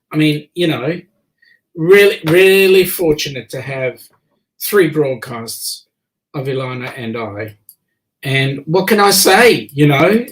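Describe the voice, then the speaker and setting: A chatty Australian man hosts a relaxed online chat, teasing his callers in a jokey, easygoing way. His voice sits a little high for a man. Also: low-quality recording. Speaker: host. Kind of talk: casual livestream chat.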